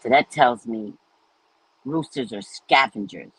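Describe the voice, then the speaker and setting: A woman's voice: extremely low pitch, lively intonation, measured pace, husky, no echo, rough recording. A woman hosting a live stream, chatting casually and telling stories with frequent laughter. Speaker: host of live readings.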